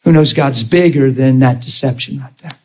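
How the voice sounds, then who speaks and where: A man's voice: mid-range voice, moderate pace, dull audio. A man preaching to a congregation and telling an emotional story, acting out the voices of the people in it. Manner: emotional, acts out quoted voices. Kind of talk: storytelling sermon.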